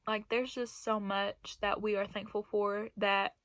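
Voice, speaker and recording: A woman's voice: medium pitch, level tone, a little slow, fairly bright tone, dry recording. A young woman telling a personal story in a casual vlog, rambling and laughing between phrases. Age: young adult. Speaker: vlogger.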